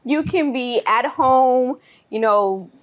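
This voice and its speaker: A woman co-hosting a casual podcast chat, animated and acting out little voices as she tells stories. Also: high-pitched, slow pace. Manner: animated, acts out voices when telling stories. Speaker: podcast co-host.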